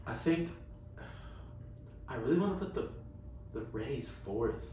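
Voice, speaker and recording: A man's voice: medium pitch, expressive, unhurried, dark tone. A young man from Connecticut co-hosting a casual sports podcast, rambling with lots of fillers and swearing. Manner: loose, rambling, heavy on fillers and profanity. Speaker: podcast co-host. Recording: distant mic in a very echoey room, faint room noise.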